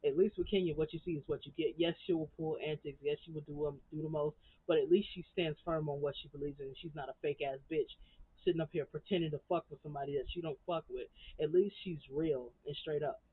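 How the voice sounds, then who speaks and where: A woman's voice: low voice, fairly even intonation, quick pace, breathy edge. A woman reviewing a reality TV episode in a heated, blunt rant full of profanity. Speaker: reality TV recap vlogger. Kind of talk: casual ranting commentary. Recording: tinny phone-like recording.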